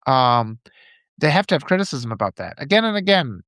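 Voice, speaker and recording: A man's voice: medium pitch, big pitch swings, brisk, a bit bright, dry recording, studio quality. A man hosting a livestream, giving impassioned political commentary and reading out viewers' chat, often repeating phrases for emphasis. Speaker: livestream host.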